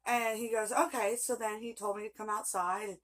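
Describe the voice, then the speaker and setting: A woman's voice: on the high side, little pitch movement, fairly quick, fairly bright tone. A woman telling a long personal story in a casual vlog, rambling and chatty with frequent laughs. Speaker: vlogger.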